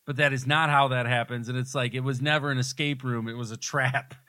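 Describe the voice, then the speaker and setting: A man talks through a movie's plot in relaxed podcast chat, recounting each scene in detail. His voice is bright and forward, and the recording is close and dry with no room sound. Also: medium pitch, a little fast, no echo. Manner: retells scenes in detail, laughs often. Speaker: podcast co-host. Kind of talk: casual movie discussion.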